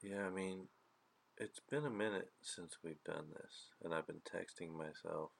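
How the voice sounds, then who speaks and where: A man's voice: deep voice, unhurried, vocal fry. A man co-hosting a podcast in casual chat, with a dry, teasing manner. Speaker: podcast co-host.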